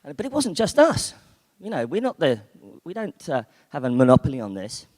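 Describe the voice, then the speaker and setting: In a conference hall with long reverb, a UK man gives a keynote that's chatty and full of fillers and restarts. His fairly high, slightly mellow voice swings hugely in pitch and moves briskly.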